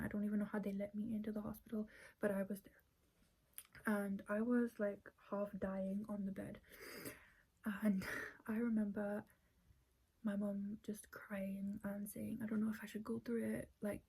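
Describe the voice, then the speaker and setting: A woman's voice: medium pitch, warm tone, slightly rough, poor audio. A woman earnestly telling a personal family story, retelling conversations at length.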